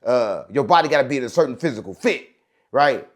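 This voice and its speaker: Speaking a little fast at medium pitch, this show host tells a rambling story in a casual monologue. He's animated, checks in with the audience as he goes, and keeps saying "right?" and "gang."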